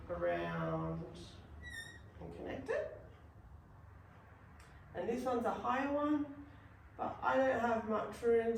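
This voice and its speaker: A woman's voice: mid-range voice, gravelly, a little hiss or hum. A woman teaching an unscripted art class, chatty and encouraging as she talks through each step. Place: art studio. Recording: roomy, from a distance.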